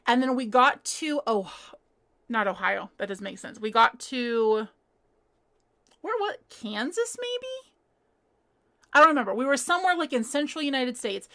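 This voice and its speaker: A woman's voice: on the high side, fairly bright tone. A young woman from Northern California hosting a live crochet stream, chatting casually and reading viewer comments aloud with a giggly, rambling manner. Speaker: livestream host. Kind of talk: casual chat while crocheting. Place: home.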